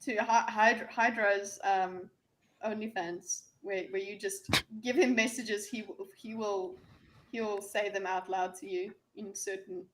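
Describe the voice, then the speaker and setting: A woman's voice: mid-range voice, fairly even intonation, measured pace, fairly bright tone, slight background noise, rough recording. A woman hosting a casual group discussion stream, chatty and giggly, reading out chat messages. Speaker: stream host.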